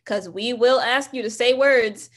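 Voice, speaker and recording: Southern American woman host, bubbly and expressive, slightly high-pitched. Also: a little slow. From southern United States. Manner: laughs often, animated and exclaiming. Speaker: podcast host. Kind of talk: casual chat.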